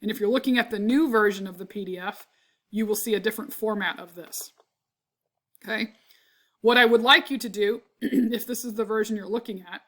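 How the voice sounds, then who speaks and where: Brisk and a bit bright, with a medium pitch, this woman sounds congested and keeps clearing her throat during a recorded chemistry lecture. She goes step by step, often asking "right?" and self-correcting.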